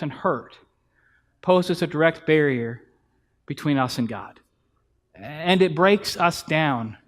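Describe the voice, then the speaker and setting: High-voiced man preaching conversationally. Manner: conversational storytelling with acted-out family dialogue. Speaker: pastor. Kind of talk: sermon. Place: church sanctuary.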